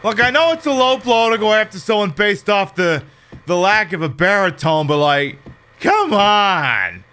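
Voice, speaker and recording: Streamer dude riffing on a game, bright voice, goes all over, game music under it. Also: male voice, animated, measured pace, smooth. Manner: joking, talks back at the game, jumps from loud outbursts to low mumbling asides. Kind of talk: casual game commentary.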